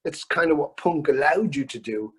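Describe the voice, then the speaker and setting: Husky middle-aged man telling stories. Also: fairly high pitch, normal speed. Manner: animated, swears freely, stumbles and restarts. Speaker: musician guest. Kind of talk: casual storytelling interview. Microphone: video call.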